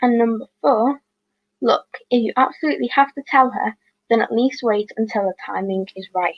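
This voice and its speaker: A woman hosts a livestreamed quiz, reading questions in a fairly high voice and breaking off to correct herself. The sound is dry and a little dull, like a home mic. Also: steady tone, moderate pace, no echo. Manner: chatty, apologetic asides, corrects herself. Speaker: quiz host.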